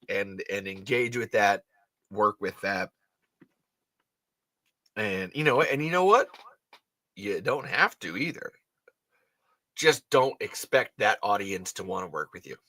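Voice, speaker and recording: A man hosting a casual podcast, talking in an animated, profane way with frequent laughs and stumbling restarts. His voice is bright and forceful. The sound is dry and close, with no echo. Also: on the low side, measured pace, long pauses. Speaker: podcast host.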